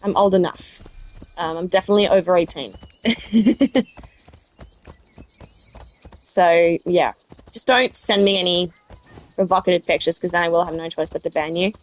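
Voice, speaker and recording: A woman's voice: on the low side, moderate pace, pauses often. A woman with a South Australian accent, chatting casually with viewers while playing a game. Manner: chatty, rambling, answers live chat. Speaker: let's play streamer. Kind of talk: casual gaming chat with viewers.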